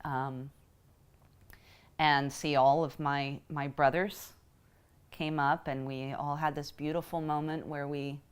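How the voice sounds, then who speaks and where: A woman telling a personal story in a reflective, emotional way, pausing often as she speaks. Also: low-pitched, little pitch movement, smooth. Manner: reflective and emotional, halting with pauses. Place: Houston.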